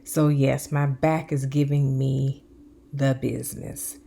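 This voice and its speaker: An extremely low, dark voice with vocal fry and little pitch movement belongs to a woman in her fifties, a lifestyle vlogger talking slowly and casually as she cleans at home. She is earnest and plainspokenly blunt, and the audio is poor.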